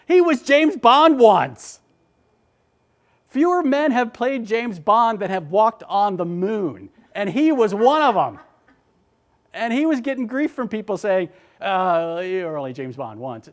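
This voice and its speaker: A man giving a motivational talk, animated and emphatic, often repeating his words. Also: a little high. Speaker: motivational speaker.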